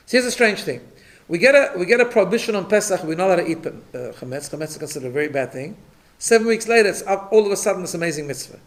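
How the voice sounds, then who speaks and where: High-voiced rabbi explaining a class. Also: male voice, expressive, fast talker. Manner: explanatory, checks in with listeners; repeats words when restarting. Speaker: rabbi teaching a weekly class. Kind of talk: Torah class lecture.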